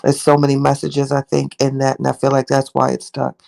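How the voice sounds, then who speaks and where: Brisk, creaky and a little mellow, this young woman's bass voice has a completely flat delivery. As a livestream host she rambles affectionately in casual chat with viewers, calling them by name.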